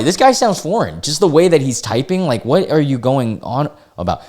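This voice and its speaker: A man's voice: mid-range voice, moderate pace, few pauses. A young man hosting his channel, reading Reddit posts aloud and reacting to them with sarcastic, disbelieving asides. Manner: incredulous, sarcastic asides with frequent laughs; reads quoted messages in a flat deadpan. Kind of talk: comedic reading and reaction commentary.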